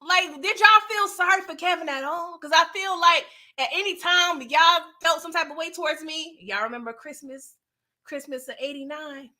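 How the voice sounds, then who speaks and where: With a very high voice and a moderate pace, a woman reads chat comments aloud on a laid-back late-night livestream. She's lively, slangy and playful, and laughs often.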